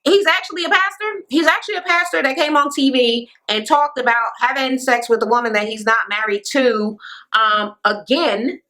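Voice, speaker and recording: Bright, profane woman ranting a TV recap. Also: sits high, moderate pace, poor audio. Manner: blunt, sassy and heavily profane; sarcastic asides to the viewer. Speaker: reality TV recap vlogger.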